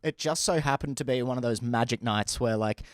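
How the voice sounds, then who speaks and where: A man and stand-up comedian telling a story in a casual, animated way, often laughing as he goes. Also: mid-range voice, brisk, dry recording.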